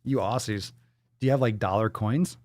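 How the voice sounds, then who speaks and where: Viewer donations and messages get read out by a male livestream host whose lowish voice sounds a little mellow and moves at a moderate pace. Profanity and improvised jokes run all through his casual banter, captured in a dry, clean studio recording.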